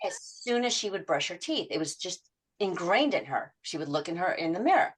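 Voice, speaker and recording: Animated woman coach with a lower voice. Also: fairly quick, breathy edge. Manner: animated, acts out client quotes with voice shifts. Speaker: habit coach guest. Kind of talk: podcast interview, storytelling with client examples.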